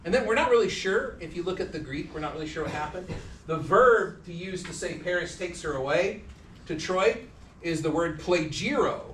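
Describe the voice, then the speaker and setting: A man's voice: a little high, fairly bright tone, slight background noise. A man giving a university lecture in a casual, joking manner, acting out the people he quotes. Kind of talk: classroom lecture. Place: lecture hall. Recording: echoey lecture hall from a distance.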